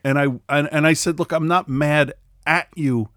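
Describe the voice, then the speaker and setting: A man's voice: on the high side, normal speed, no echo. Profane, ranting middle-aged man, dry sound. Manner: animated ranting, profane, mimics people in quotes. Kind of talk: casual chat.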